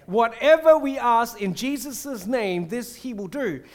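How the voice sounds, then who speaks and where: A man with a high voice delivers a sermon in an animated, conversational way. He slips into acted-out prayers and quotes and restarts his sentences as he goes. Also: measured pace. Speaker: preacher.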